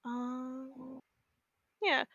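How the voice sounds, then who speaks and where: A woman's voice: high voice, monotone, extremely slow, bright, forceful tone, dry recording, muffled recording. A woman playing a tabletop game, hesitant and giggly, with many ums. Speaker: player. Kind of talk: casual tabletop game chat.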